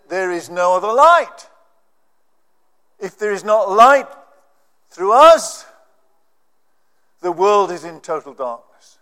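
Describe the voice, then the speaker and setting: High-voiced, slow preacher in reverb. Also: male voice, pushed and bright. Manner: emphatic, swelling on key phrases. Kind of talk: sermon. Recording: long church reverb.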